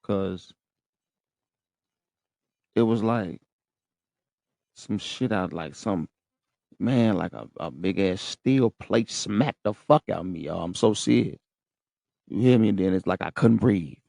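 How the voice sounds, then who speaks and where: A man's voice: lowish voice, slow, vocal fry, long pauses, mellow, no echo. A man hosting a podcast, telling listeners a story in slangy, profane casual talk and often checking in with them. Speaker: podcast host. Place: room in a rehab center.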